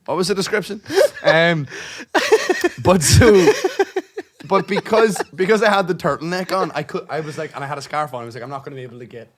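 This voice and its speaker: A man, co-hosting a casual podcast and telling an animated story full of swearing. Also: on the high side, fairly quick. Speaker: podcast co-host. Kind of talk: casual chat.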